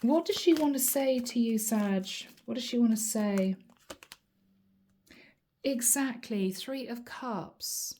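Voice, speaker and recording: A woman's voice: on the high side, takes it slowly, warm tone, a little hiss or hum. A woman giving a channeled tarot reading, speaking earnestly and straight to the listener, often repeating her questions. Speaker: tarot reader.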